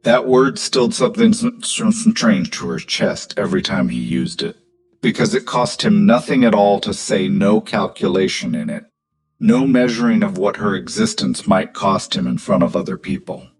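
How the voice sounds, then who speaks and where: A man narrates a scripted story with a low voice in a measured, steady rhythm. Faint music plays beneath the reading. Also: low-quality recording.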